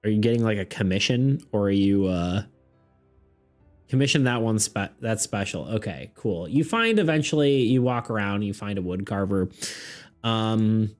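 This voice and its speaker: A man's voice: on the low side, expressive, normal speed. A man running a streamed tabletop game, rambling and hesitant, with self-deprecating asides. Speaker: game master. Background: faint background music.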